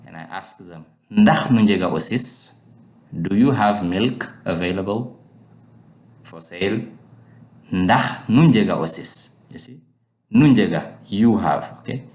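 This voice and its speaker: A man's voice: deep voice, reverberant. A man teaching a language lesson, patiently repeating each word for learners to drill.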